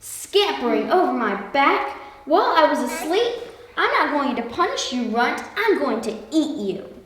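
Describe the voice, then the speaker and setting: A woman's voice: high-pitched, sing-song, unhurried, fairly bright tone, slight background noise, pitched above the performer's own voice, full character voice. Woman reading as a lazy proud lion king. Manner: lazy, mocking, grand. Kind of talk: storybook character reading. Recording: echoey room, voice from far off.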